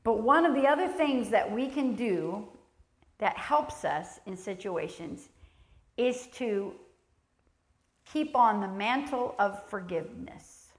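A woman preaches a sermon in a church sanctuary, her medium-pitched voice slow and lively in intonation, with an echoey room around her. She reads scripture aloud, speaks earnestly and with emphasis, and puts questions to the congregation.

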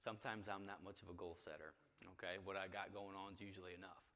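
A man's voice: low voice, fairly even intonation, quick pace, pushed and bright, long reverb tail. A man leading an interactive Bible class, talking conversationally and asking the group questions. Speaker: church teacher. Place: church hall with a group.

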